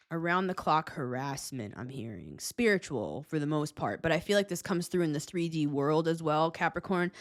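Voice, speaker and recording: Low-voiced chatty woman reading tarot. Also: no echo, studio quality. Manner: chatty, swears freely, laughs often. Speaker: tarot reader.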